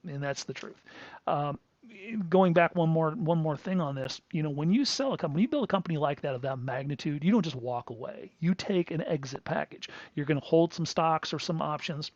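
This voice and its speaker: A man's voice: a little high, fairly quick, a little mellow, dry recording. A middle-aged man hosting a crypto livestream, ranting emphatically and rambling, with frequent restarts and asides. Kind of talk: live-streamed rant. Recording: dull lo-fi stream audio.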